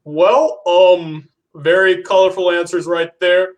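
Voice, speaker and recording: Man playing a game show emcee, upbeat patter, higher-pitched voice. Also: little pitch movement, slow pace. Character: cheesy male game show host. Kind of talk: comedy sketch.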